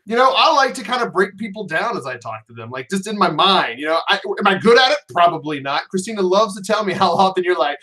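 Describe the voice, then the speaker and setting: A man co-hosting a board game live stream, talking in loose, rambling group chat. He keeps restarting his sentences and pokes fun at himself. His pitch swings widely as he goes. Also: lively intonation, fast talker, few pauses, pushed and bright. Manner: rambling, self-deprecating, many restarts.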